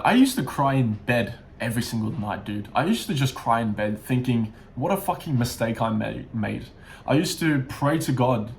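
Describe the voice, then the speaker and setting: A man's voice: mid-range voice, slight background noise. A young man telling a candid personal story to camera, raw and confessional, with frequent swearing and restarts. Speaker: self-improvement vlogger.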